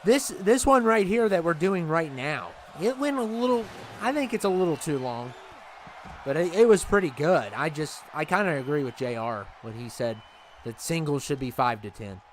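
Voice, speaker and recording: A man's voice: fairly high pitch, animated, moderate pace, a little hiss or hum. A man hosting a livestream, chatting casually and rambling with his viewers, laughing easily. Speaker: livestream host.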